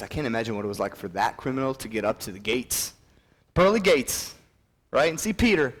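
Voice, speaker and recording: Animated male preacher telling stories. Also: fairly quick, breathy edge. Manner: animated storytelling, acting out quoted voices; drops to a soft, earnest low voice when appealing. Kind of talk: sermon.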